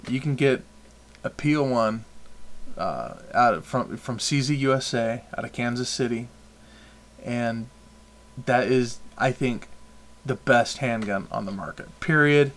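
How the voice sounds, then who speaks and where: A man's voice: mid-range voice, unhurried, fairly bright tone. A man hosting a podcast, chatting casually and rambling through opinions with frequent restarts. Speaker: podcast host. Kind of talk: casual chat.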